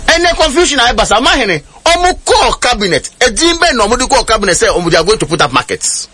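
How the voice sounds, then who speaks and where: A man's voice: extremely high pitch, sing-song, fast, pushed and bright, slight background noise. A man with a Ghanaian accent, an outspoken political commentator on a radio panel, talking emphatically and switching between Twi and English.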